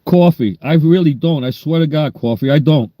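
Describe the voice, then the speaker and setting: A man's voice: a little high, moderate pace, warm tone, no room sound. A man in his sixties with a New York accent, telling stories in a rambling, down-to-earth way during a casual livestream. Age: 60s. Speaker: livestream host.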